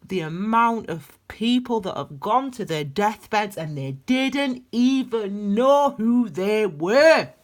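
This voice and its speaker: A woman giving a passionate, blunt tarot reading that swings between loud emphasis and hushed intensity. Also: medium pitch, animated, slow, hardly any pauses. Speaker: tarot reader. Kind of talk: intuitive tarot reading, spiritual pep talk.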